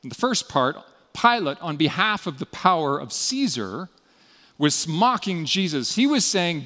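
A man preaching a sermon as pastor, earnest and often dropping to a quiet, intimate tone. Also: a little high, big pitch swings, a little slow. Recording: long hall reverb.

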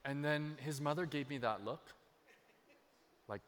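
A man's voice: on the high side, measured pace, fairly bright tone. A man preaching a sermon. He tells personal stories and repeats key phrases for emphasis. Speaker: pastor. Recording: long hall reverb.

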